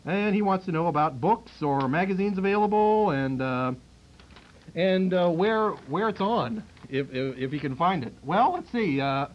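A man's voice: high-pitched, animated, moderate pace. A man hosting a public access cable show, jokey and laughing, with stumbling restarts. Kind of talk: casual chat and mock announcing. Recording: lo-fi 1990s cable tape with faint hiss.

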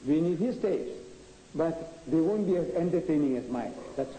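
His voice sits on the high side, expressive and mellow, at a normal speed. Fielding audience questions at a public lecture, he's emphatic and combative, firing off rhetorical questions. The archive tape captures an echoey hall with faint noise.

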